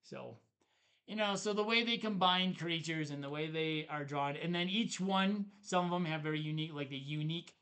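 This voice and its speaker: A man's voice: on the high side, moderate pace, a bit bright. A man co-hosting a board game review, chatting casually as he shows the cards and chuckles at the puns. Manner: chatty, laughs at the card puns. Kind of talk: casual show-and-tell review.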